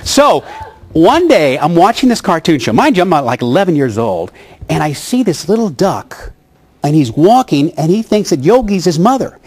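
An older man, a voice actor and comedian, telling an animated comic story and mimicking voices on a talk show. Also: on the high side, normal speed, slightly rough.

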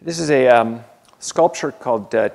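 A man, an artist, talking an audience through his slides in a halting way, with many fillers and restarts. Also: medium pitch, gravelly, darkish tone. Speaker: artist giving a lecture. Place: university lecture hall. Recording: long reverb of a lecture hall.

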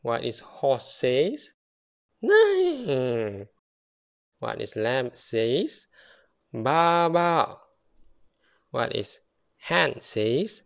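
A speaker reading a picture book aloud to toddlers, slow and careful, with non-native phrasing. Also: medium pitch, expressive, vocal fry. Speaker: children's book reader. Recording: muffled lo-fi recording.

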